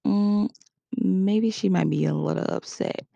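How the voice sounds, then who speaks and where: Woman with a heavily creaky voice. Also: on the low side, normal speed, mellow, dry recording, highs cut off. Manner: conversational, acts out example quotes. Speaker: instructor. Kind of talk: casual spoken lesson.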